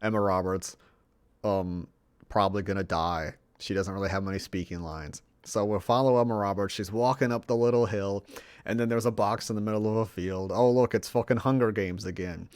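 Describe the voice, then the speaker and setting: A man's voice: on the low side, fairly even intonation, brisk, darkish tone, smooth, no echo. A man giving a rambling, profane, sarcastic film review, now and then mocking the characters in put-on voices. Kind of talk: casual profane movie review.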